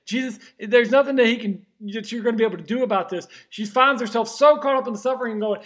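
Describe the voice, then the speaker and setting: High-voiced earnest male preacher. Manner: earnest preaching, rising to emphatic cries, dropping to soft, slow near-whispers; frequent restarts and repeated words. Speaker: pastor. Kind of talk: sermon.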